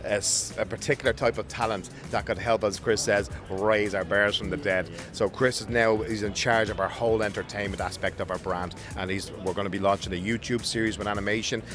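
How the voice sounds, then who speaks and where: A man's voice: fairly low pitch, steady tone, brisk, few pauses, over music. A man with an Irish accent, enthusiastically talking up his toy company in a casual interview at a trade show. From Ireland. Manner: enthusiastic, upbeat sales talk. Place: busy trade show floor.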